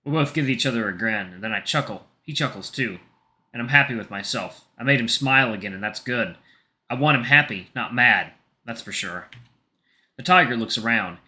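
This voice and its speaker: A man narrating a visual novel in the first person, reading the story lines in a steady storytelling manner. His pitch moves through a lively range. His voice is bright and forceful. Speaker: gaming channel narrator.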